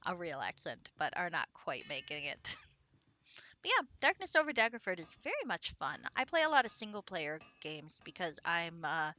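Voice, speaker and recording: A woman's voice: fairly low pitch, big pitch swings, moderate pace, bright, forceful tone. A woman game streamer chatting casually and giggling while she plays. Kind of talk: casual live-stream commentary.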